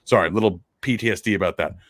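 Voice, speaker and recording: A man's voice: lowish voice, fast, a bit bright, no room sound. Man, sports podcast co-host, impassioned, swears a lot, dry close sound. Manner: impassioned, profane, urging listeners. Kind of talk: casual sports podcast chat.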